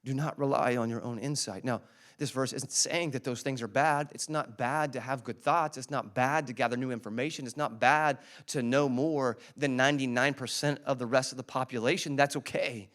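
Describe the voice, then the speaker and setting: A man preaching a sermon in a conversational way, slowing down to stress scripture and asking the congregation to repeat after him. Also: mid-range voice, steady tone, fairly bright tone. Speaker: pastor. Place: church service.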